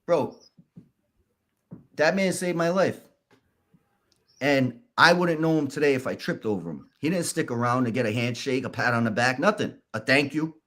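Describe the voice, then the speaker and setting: A man, a podcast guest, telling his story candidly in a halting, casual way. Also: medium pitch, lively intonation, fairly bright tone. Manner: candid, halting, restarts and fillers.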